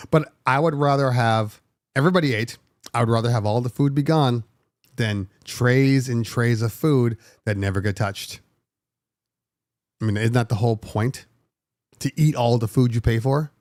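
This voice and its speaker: A middle-aged man hosts his own DJ podcast and tells a story in a loose, chatty way, often restarting with "like" and "you know." His voice sits at a medium pitch. The sound is dry and close, with almost no room. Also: normal speed, pauses often, no echo. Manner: animated, emotional retelling with many fillers. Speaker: podcast host and DJ. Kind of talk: casual storytelling.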